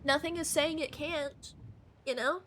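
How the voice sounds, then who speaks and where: A woman's voice: high voice, steady tone, a little slow, fairly bright tone, a little hiss or hum. A woman streaming a game live, chatting casually with viewers in a rambling, giggly way.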